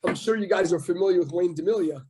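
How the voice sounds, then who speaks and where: Animated Canadian man telling a story. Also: sits high, fast, noisy background. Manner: animated storyteller acting out quoted dialogue. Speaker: podcast guest, bodybuilder. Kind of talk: casual storytelling interview.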